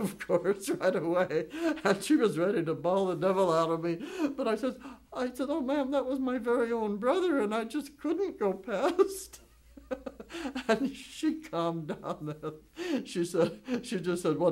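A woman in her nineties telling wartime stories in an oral history interview, chuckling often and wandering through restarts and fillers. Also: low-pitched. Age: 90s. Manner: chuckles often while telling lively anecdotes; rambling with frequent restarts and fillers. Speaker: WWII veteran interviewee.

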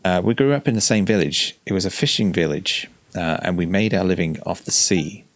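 A man reading the lines of an old grieving widow from a fishing village, in a gentle storytelling way. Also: deep voice, brisk, no echo. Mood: wistful.

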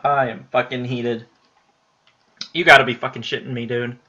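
A man giving live gameplay commentary, swearing and shouting at the game in frustrated outbursts. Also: mid-range voice, flat delivery, moderate pace, muffled recording, heavy background noise. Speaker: gamer streaming his playthrough.

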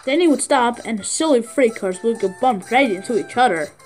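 High-voiced woman narrating a storybook. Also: lively intonation, brisk, darkish tone, soft background music. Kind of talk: storybook narration for a fan redub.

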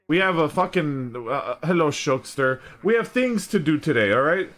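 Young adult male streamer, lively and foul-mouthed, raised pitch with wide swings. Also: normal speed, few pauses. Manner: animated, heavy swearing. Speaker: live streamer. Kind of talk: casual storytelling to chat.

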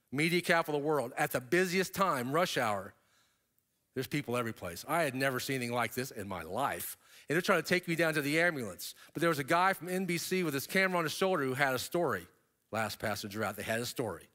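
A middle-aged man giving a keynote talk, telling a story in a lively way and turning to the audience with casual asides. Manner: animated storyteller, pitch jumping up for emphasis. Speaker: keynote speaker. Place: stage before an audience.

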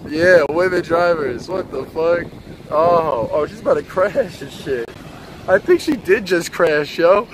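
A young man with a fairly high voice talks brashly and profanely on an outdoor livestream. He narrates passing traffic and calls out at people nearby. Loud traffic noise fills the background. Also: rough recording. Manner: brash, profane, yelling at passersby. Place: city street outdoors, moving in a chair.

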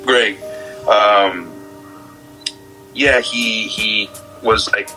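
A podcast co-host with a low voice and a bright, forceful, steady tone chats loosely about a movie, stammering, drawing out words and restarting often. The recording is rough, with faint music in the background.

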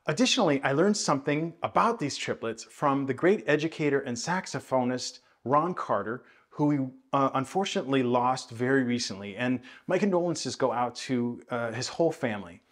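A man teaching jazz bass in a video lesson, explaining thoughtfully with many hedges and counting and scatting rhythms aloud. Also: expressive, moderate pace, hardly any pauses. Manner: thoughtful, hedging explanations with frequent "I think".

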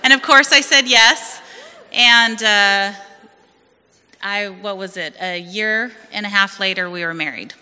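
Woman in her 40s from california sharing her testimony at church, really bright voice, long hall echo. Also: medium pitch, measured pace, clear, resonant tone. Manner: lively storytelling, acts out quoted voices. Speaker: church member giving testimony. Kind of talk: personal testimony at a church service.

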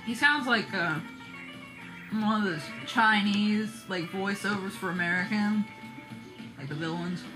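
A young woman giving casual commentary with her brother, tossing out teasing, deadpan quips. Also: mid-range voice, unhurried, pauses often, poor audio. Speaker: co-player, sister. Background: game music.

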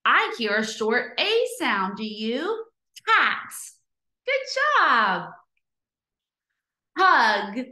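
A woman teacher leads a phonics lesson for small children in a bright, clear voice, stretching each sound out very slowly. She praises every answer warmly, and the room around her has a noticeable echo. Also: fairly high pitch, big pitch swings. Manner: slow, drawn-out sounding of words, encouraging praise.

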